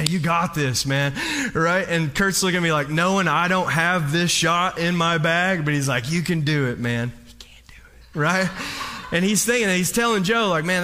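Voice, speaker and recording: Bright, high-voiced storytelling pastor. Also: male voice. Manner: animated storytelling, acts out quotes with voice shifts. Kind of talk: sermon with personal story.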